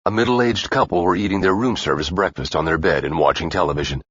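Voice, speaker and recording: A man narrating a thriller audiobook in a steady, even-paced reading. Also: low-pitched, fast, husky, dry recording. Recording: dull dry lo-fi recording.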